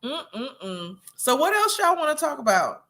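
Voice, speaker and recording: A woman's voice: high-pitched, big pitch swings, unhurried, a bit bright. A woman hosting a casual livestream, chatting and gossiping as she reads viewer comments, a little tipsy and laughing often. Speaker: host of a reality-TV review livestream.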